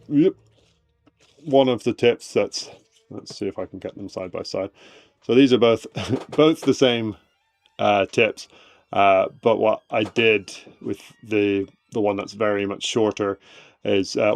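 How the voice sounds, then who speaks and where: A man casually explaining fossil preparation on a live stream from his shed, rambling with many fillers, his voice fading as he moves away from the desk mic. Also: lowish voice. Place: home shed workshop. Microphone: desk mic, voice fades as he moves away.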